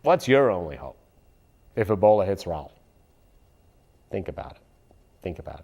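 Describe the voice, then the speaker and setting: Animated, sarcastic man ranting. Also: fairly low pitch, normal speed, long pauses. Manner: animated, sarcastic, keeps addressing an unseen listener. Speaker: political commentary vlogger. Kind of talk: ranting commentary.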